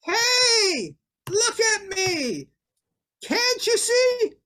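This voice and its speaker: A retired man singing in a high put-on voice as a demanding elderly person who wants a seat. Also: very animated, extremely slow, very noisy, heavily acted. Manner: sung, drawn out.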